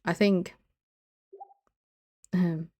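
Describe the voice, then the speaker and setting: A woman's voice: fairly low pitch, steady tone, drawn-out words, darkish tone. A woman streamer chatting casually with her viewers in a teasing, giggly way, often saying she's only kidding.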